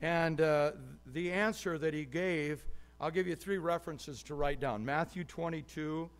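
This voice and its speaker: A male pastor giving a sermon, telling stories with lively swings between loud and soft delivery. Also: fairly high pitch. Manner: animated storytelling with quick shifts in volume. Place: church.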